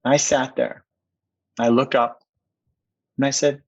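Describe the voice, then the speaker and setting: A middle-aged man from Minneapolis, USA, guests on a podcast and tells a personal story in a mid-range, flat, slightly slow voice with vocal fry. He's earnest and emphatic, often restarting his sentences, and the sound is lo-fi.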